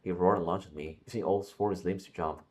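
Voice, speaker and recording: A man's voice: low voice, fairly even intonation, fast talker, darkish tone. A man streaming a game, reading its story text aloud and talking back to the characters with swearing and jokes. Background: game music.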